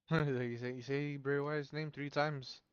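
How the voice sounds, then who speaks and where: A man on a call with the streamer, laid-back, teasing and quick to laugh. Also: fairly high pitch, little pitch movement, clear, resonant tone, dull audio. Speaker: friend on a call. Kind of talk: casual chat.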